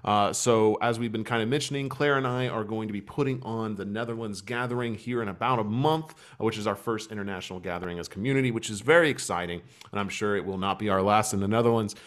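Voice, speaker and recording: A man hosting a casual podcast, chatting conversationally and telling animated stories. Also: lowish voice, fast talker, few pauses. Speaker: podcast host.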